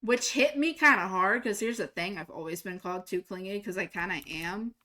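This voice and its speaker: A young woman streaming a game, telling a personal story in a casual, animated way and jumping higher to act out quoted lines. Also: brisk. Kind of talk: casual storytelling while gaming.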